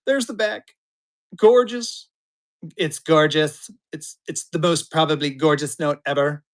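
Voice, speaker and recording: A man's voice: fairly high pitch, measured pace. A man in his fifties running a live-stream auction, with chatty, upbeat patter that hypes the bids. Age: 50s.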